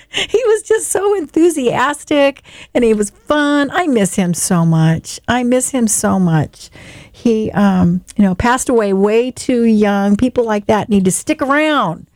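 Chatty woman radio host, fairly high voice. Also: lively intonation, unhurried, a little mellow, dry recording. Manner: chatty, rambling, laughs often. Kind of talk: casual radio chat, reading listings. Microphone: studio microphone.

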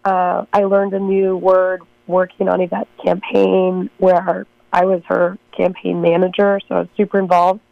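Hoarse woman on a dull phone line. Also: fairly low pitch, completely flat delivery, moderate pace, few pauses, dry recording. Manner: earnest, lots of ums and repetitions. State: hoarse, has partly lost her voice. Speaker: guest, former campaign manager. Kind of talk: casual interview.

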